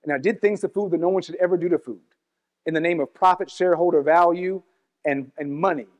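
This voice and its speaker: A man preaching a sermon as a church elder, sharing personal testimony, moving between quick asides and slow emphatic lines. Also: on the high side. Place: church sanctuary. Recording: church hall with long reverb.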